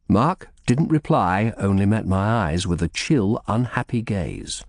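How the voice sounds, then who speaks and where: A man narrating an audiobook in the first person, in a measured storytelling manner. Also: lowish voice, expressive, no room sound, clean studio sound.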